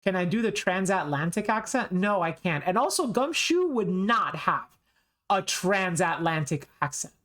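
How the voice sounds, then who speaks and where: A woman's voice: on the low side, big pitch swings, moderate pace, a bit bright. A woman streamer chatting casually during a game playthrough, talking in a self-deprecating way and restarting her sentences often. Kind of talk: casual live game commentary.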